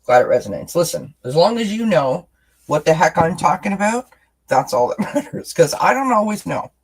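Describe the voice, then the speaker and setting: A man's voice: high voice, very animated, moderate pace, husky, low-quality recording. A man doing a live-streamed tarot reading, talking to viewers as friends in a rambling, chatty way with many restarts. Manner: talks directly to viewers as friends. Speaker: tarot reader.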